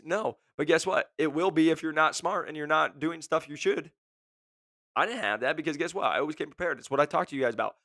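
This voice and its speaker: A man's voice: a little high, bright, forceful tone, no room sound. A man hosting a podcast, giving blunt motivational career advice with heavy emphasis and repeated rhetorical questions. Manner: emphatic, repeats "guess what", mimics whiny voices. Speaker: podcast host.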